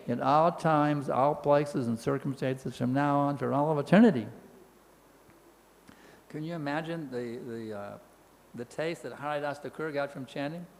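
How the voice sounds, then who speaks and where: Gravelly man lecturing in an echoing hall. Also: a little high, moderate pace, a little mellow, a little hiss or hum. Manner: storytelling, acts out voices and chants, playful repetition. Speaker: lecturer on scripture. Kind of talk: animated scripture lecture.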